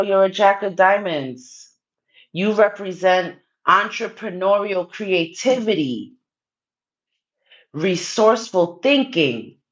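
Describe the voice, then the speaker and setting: Woman, low voice, slow delivery, teasing and coaxing, livestream card readings, muffled sound. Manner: teasing, coaxing, playfully pushy. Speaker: livestream host reading viewer comments.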